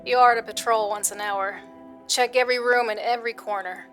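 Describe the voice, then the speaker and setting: A woman's voice: fairly high pitch, fairly even intonation, brisk, fairly bright tone, soft background music, lightly acted. Woman doing a stern Southern old man. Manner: stern, lecturing, refined. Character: haughty old man guarding a haunted piano.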